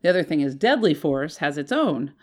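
A woman's voice: deep voice, big pitch swings, a little fast. A woman co-hosting a casual podcast, explaining a legal concept with frequent "um"s and "you know"s. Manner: explains with many "um"s and "you know"s, bursts of loud laughter. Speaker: podcast co-host explaining law.

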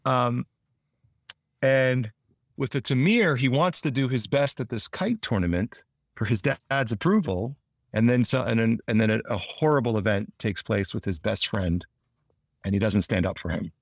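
A man's voice: medium pitch, moderate pace, no echo. A man, an actor being interviewed, telling stories in a rambling, casual way, often restarting his sentences. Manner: rambling storyteller with frequent restarts; acts out quoted lines in lively voices. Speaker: actor guest.

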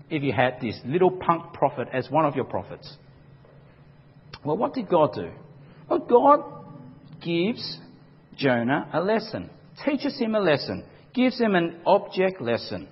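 A man's voice: on the high side, wildly swooping pitch, unhurried, slightly rough. A man preaching an emphatic sermon, acting out quotes dramatically as a pastor. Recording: dull lo-fi recording with long hall reverb.

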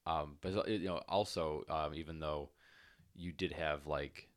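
A man co-hosting a casual podcast, speaking in a dry, teasing way with halting fillers. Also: a bass voice, fairly even intonation. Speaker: podcast co-host. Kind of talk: casual conversational chat.

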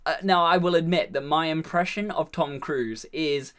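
A woman co-hosting a podcast, chatting casually about films, animated and quick to laugh. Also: low-pitched, clean tone. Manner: animated, laughs, gets loud when excited. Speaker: podcast co-host. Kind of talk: casual film chat.

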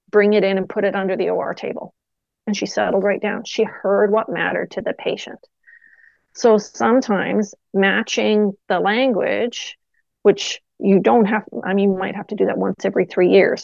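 Gravelly-voiced woman telling clinical stories. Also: mid-range voice, no room sound, lo-fi sound. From Canada. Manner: animated anecdotes with quoted dialogue. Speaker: physiotherapist guest. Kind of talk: casual interview storytelling.

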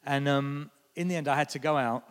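A British man with a mid-range voice speaks a little fast while preaching a sermon. His storytelling is animated, and he performs quoted lines in a raised voice, with long hall reverb on the recording.

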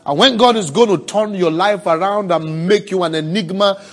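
A man preaching a sermon, asking the congregation for responses and swinging from hushed, drawn-out words to loud cries. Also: high-pitched. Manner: preaching with call-and-response, swelling to shouts.

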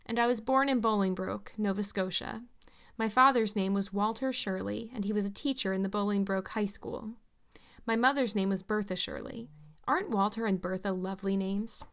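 A woman's voice: medium pitch, normal speed, a bit bright, lightly acted. A woman voicing an eleven-year-old orphan girl who talks eagerly and dreamily in a storybook reading.

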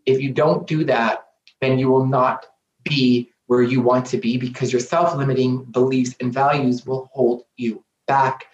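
A man's voice: medium pitch, little pitch movement, measured pace, a little hiss or hum. Earnest man in a roomy, dull recording. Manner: earnest, repetitive, emphatic. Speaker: guest. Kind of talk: candid interview talk.

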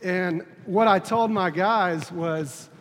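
A man in his thirties giving a personal testimony from the pulpit, halting and earnest, repeating words and restarting as he goes. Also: sits high. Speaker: preacher on a church leadership team. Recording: long reverb, faint room noise.

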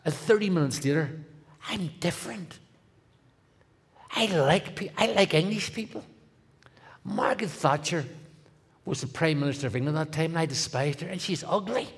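Northern Irish man, husky, middle-aged, guest speaker, comic testimony, hushed then loud. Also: on the high side, moderate pace, pauses often. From Northern Ireland. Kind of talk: testimony storytelling.

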